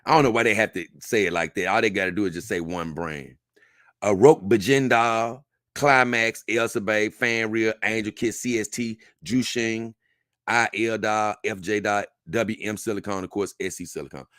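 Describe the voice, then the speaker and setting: A man hosting a casual livestream, reading long lists aloud at an unhurried pace with offhand asides. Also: lowish voice, fairly bright tone, no echo, clean studio sound. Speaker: livestream host.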